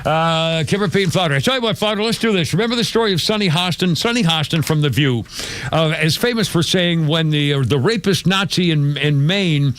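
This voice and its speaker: A man's voice: on the high side, fairly quick, a bit bright, a little hiss or hum. A man hosting a talk radio show, giving blunt, wry commentary with frequent fillers. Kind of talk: casual talk radio banter.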